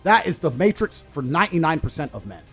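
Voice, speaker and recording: Brief: brash male speaker, quick and blunt, motivational clip with soft music under it. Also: a little high, very animated, breathy edge. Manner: blunt, forceful, swears, acts out quoted lines. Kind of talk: motivational advice clips.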